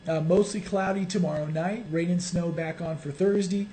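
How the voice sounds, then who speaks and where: Man, hoarse froggy voice, high-pitched, dark mellow tone, casual local forecast, faint hiss. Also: fairly even intonation, rough recording. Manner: halting, reads forecast numbers in quick runs. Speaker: co-host reading local news and weather. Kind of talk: casual local news show.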